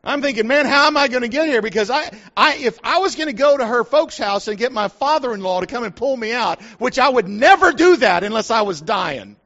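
Middle-aged man, very high voice, folksy preacher telling stories, dull lo-fi recording. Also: animated, a little fast, hardly any pauses, fairly bright tone. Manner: folksy storyteller, acts out quotes. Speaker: pastor. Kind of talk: sermon with personal story. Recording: dull lo-fi sound.

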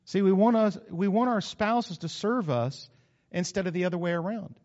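A middle-aged man preaching a sermon as pastor, animated, acting out quotes with sudden loud bursts. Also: sits high, moderate pace. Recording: muffled recording in a reverberant hall.

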